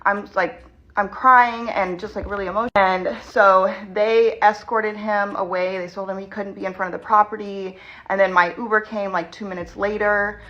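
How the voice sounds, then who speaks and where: A woman in a storytime vlog, shaken and tense, rushing through her retelling with lots of "like". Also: mid-range voice, steady tone, fairly bright tone, muffled recording. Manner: tense, rushed retelling full of "like". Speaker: vlogger.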